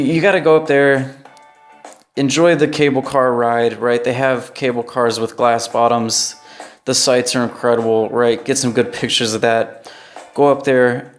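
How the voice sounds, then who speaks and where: An American man talks through his travel picks in a relaxed, conversational vlog voice, often tagging his points with a quick "right?". His pitch sits at an ordinary middle level. Quiet background music plays faintly beneath him. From United States. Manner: loose and conversational, frequent "right?" tags. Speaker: vlogger. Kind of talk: casual travel recommendations.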